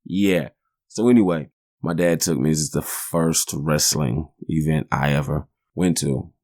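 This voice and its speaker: A man's voice: rumbling low, steady tone, a little slow, a little mellow, no room sound, clean studio sound. A man in his forties hosting a podcast, telling stories in a rambling, profane, joking way. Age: 40s. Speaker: podcast host. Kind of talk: casual storytelling monologue.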